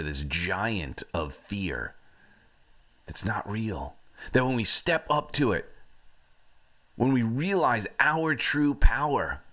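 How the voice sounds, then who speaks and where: A man's voice: medium pitch, pushed and bright. A man hosting a motivational talk who tells a story in a reflective way, with many fillers. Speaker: host.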